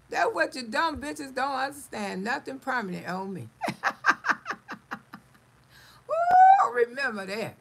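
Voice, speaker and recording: A woman's voice: high-pitched, animated, slow, creaky, long pauses, noisy background. A middle-aged woman hosting a live stream, chatting casually, reading viewer comments aloud, blunt and salty, laughing often.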